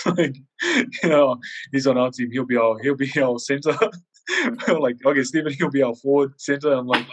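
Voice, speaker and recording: Man co-hosting a podcast, casual chat, animated, plays out the voices in his stories. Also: medium pitch, normal speed. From Samoan heritage. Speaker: podcast co-host.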